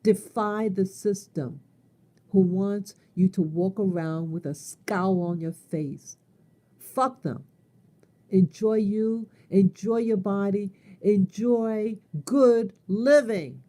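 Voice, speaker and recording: A woman's voice: mid-range voice, dark tone. A woman talking off the cuff on a live stream, blunt and emphatic, swearing freely and repeating her key phrases. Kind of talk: unscripted live stream monologue.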